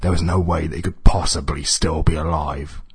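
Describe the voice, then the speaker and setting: A man narrating an absurd comic story in a deadpan, dry manner. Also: extremely low pitch, moderate pace, husky, no echo.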